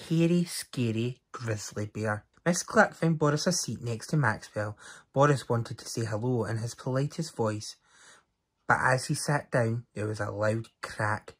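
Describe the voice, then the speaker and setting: A man reading a picture book aloud to children in an expressive storytelling voice. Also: mid-range voice.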